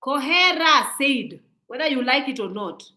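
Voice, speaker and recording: A woman's voice: high-pitched, lively intonation, moderate pace, sharp tone. Scolding woman in her forties, echoey room. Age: 40s. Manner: scolding, preachy, repeats herself. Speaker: social media commentator. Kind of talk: casual commentary monologue.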